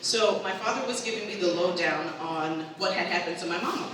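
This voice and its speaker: A woman performing an animated stand-up routine, acting out her family as she tells the story. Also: on the low side, fairly quick, a crowd in the background. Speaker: stand-up comedian. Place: live comedy show with a crowd. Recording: echoey hall from far off.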